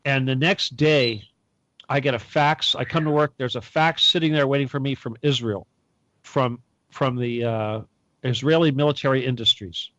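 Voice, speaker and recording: A man's voice: medium pitch, fairly even intonation, normal speed, fairly bright tone, dry recording, dull audio. A man hosting a casual online talk show, telling rambling stories with laughs and restarts. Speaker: podcast host. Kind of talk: casual chat.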